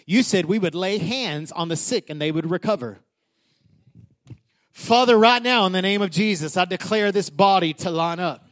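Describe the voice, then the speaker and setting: A man preaching a sermon with passion, repeating himself, rising from quiet talk to loud declarations. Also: high voice, lively intonation, moderate pace. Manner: passionate, building to loud declarations with frequent restarts. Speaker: pastor.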